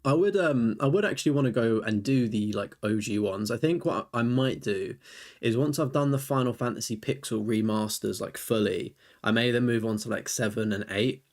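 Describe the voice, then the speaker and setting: A man's voice: medium pitch, normal speed. Chatty man live-streaming. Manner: chatty, rambling, greets and answers live chat. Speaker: streamer reviewing viewers' trophy lists. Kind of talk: casual live-stream chat.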